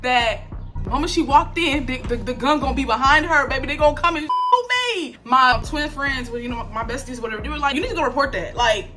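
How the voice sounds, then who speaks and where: Lively high-voiced young woman storyteller. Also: fairly quick. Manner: animated, slangy, frequent laughs and acted quotes. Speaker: storytime vlogger. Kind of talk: casual storytelling to viewers. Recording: background music under the voice.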